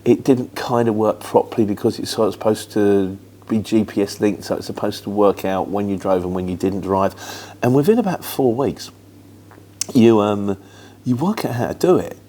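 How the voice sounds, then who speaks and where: A man's voice: lowish voice, moderate pace, warm tone. A middle-aged man from England with a London-tinged accent, answering viewer questions in a chatty, rambling, matter-of-fact way. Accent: London-influenced Luton English. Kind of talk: casual chat.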